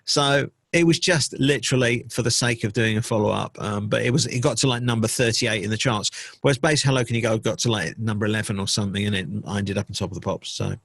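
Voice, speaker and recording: A middle-aged man, a DJ and producer, recalling his career in a casual interview, relaxed and full of fillers. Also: fairly low pitch, fast, vocal fry, hardly any pauses, slightly rough, no room sound. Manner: relaxed storytelling with many fillers.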